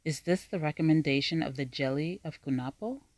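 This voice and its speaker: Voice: mid-range voice, a little fast, darkish tone, dry recording, close to an everyday voice. A narrator voicing a grave older man, an uncle and leader, speaking in a strained, serious way.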